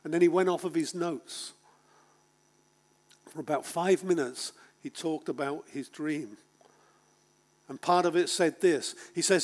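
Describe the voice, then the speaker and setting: A man preaching a sermon to a congregation, emphatic, with dramatic pauses and rhetorical questions. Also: fairly high pitch. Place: speaking to a congregation.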